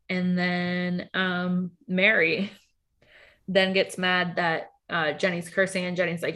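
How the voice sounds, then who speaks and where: A woman chatting casually as a podcast co-host, her voice sitting a little low. She strings thoughts together with plenty of fillers. She leaps into animated quotes of other people. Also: slow. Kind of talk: casual reality-TV recap chat.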